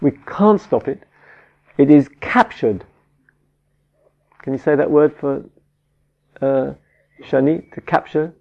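A slow-spoken man with a gravelly, slightly high voice gives a Buddhist dharma talk. He halts, restarts and searches for words as he teaches. The recording sounds dull and lo-fi. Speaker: meditation teacher.

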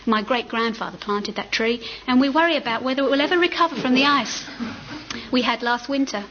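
Woman putting on a tiny, twinkling old man in his seventies: high, delighted, coaxing; muffled storybook reading. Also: a little fast. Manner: beaming, delighted, gently coaxing. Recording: muffled with faint hiss.

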